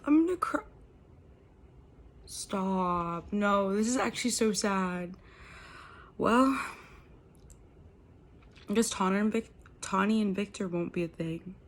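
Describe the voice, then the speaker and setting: A young adult woman chatting in a casual reading vlog, gushing and excitable as she reacts to a book. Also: medium pitch, unhurried, pauses often. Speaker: book vlogger.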